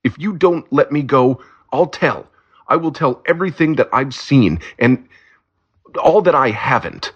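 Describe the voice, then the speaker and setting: A man's voice: mid-range voice, animated, measured pace, a bit bright, slightly rough, highs cut off, voice pushed up. A man voicing a nervous small-time male thief who pleads in a whiny voice. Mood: pleading.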